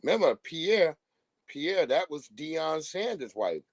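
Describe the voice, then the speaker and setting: A man doing a casual live-stream rant as a commentator, profane and animated, mocking his subject and breaking into laughter often. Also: fairly high pitch, slow, no room sound. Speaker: livestream commentator.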